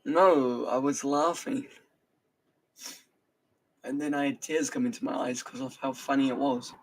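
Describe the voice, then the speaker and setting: A man's voice: medium pitch, fairly even intonation, measured pace, rough recording. A man live-streaming in a casual chat, reading silly children's rhymes aloud in a playful, singsong way. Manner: playful, giggly, reads verse in a singsong way.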